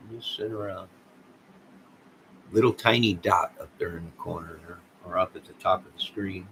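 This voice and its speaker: A man's voice: sits low, normal speed, pushed and bright, a little hiss or hum, low-quality recording. A man streaming live late at night, rambling in a conspiratorial way and talking straight to his chat.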